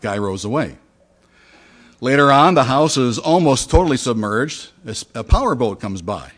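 A man's voice: medium pitch, expressive, normal speed, fairly bright tone. A male pastor giving a conversational sermon to his congregation, asking questions and retelling a parable. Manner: conversational, with fillers and restarts.

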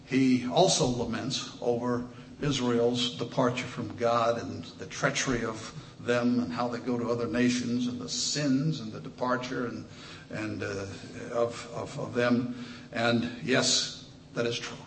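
Male preacher, mid-pitched, slow emphatic scripture reading between quicker asides, recorded in a roomy space with faint background hum. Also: fairly even intonation. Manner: reads scripture slowly and emphatically, asides with restarts.

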